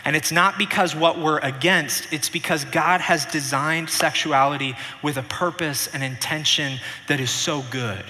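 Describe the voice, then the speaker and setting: A young man preaching a sermon as pastor, telling stories with animation and dropping softer for earnest points. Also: fairly high pitch, moderate pace, hardly any pauses. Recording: reverberant hall.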